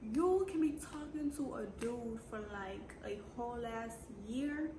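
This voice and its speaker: A young Jamaican woman talking through a storytime vlog in a blunt, sassy, slangy way, her voice sitting a little high. She sounds like she's in an echoey room with steady background noise. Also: unhurried. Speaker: vlogger.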